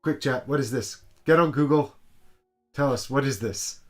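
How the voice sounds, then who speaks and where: A man's voice: medium pitch, moderate pace, faint music behind. A man hosting a casual board game play-through, thinking aloud and joking as he plays. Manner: thinks aloud while playing, playful. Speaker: board game show host.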